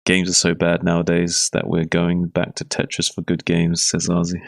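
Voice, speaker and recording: Laid-back male caster with a very deep voice; dry, close mic. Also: monotone, a little slow, gravelly, no room sound. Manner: laid-back, swears casually. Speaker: game caster. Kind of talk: casual chat during a stream.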